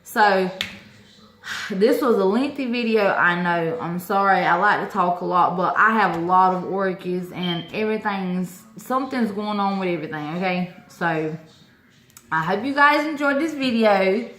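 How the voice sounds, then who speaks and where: A talkative woman gushes to the camera, her mid-range voice bouncing off the walls of an echoey room. She talks fast and exclaims often, chatting casually. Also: mid-range voice. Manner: excited, chatty, lots of "y'all" and "oh my God". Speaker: orchid-growing vlogger.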